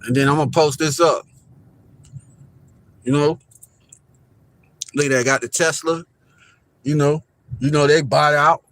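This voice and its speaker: A man's voice: on the high side, steady tone, a little slow, long pauses, fairly bright tone. Rambling man streaming from his car. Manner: rambling, repeats himself, keeps pointing things out to viewers. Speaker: live streamer. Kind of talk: casual live-stream commentary. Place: inside a car driving downtown. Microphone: phone camera.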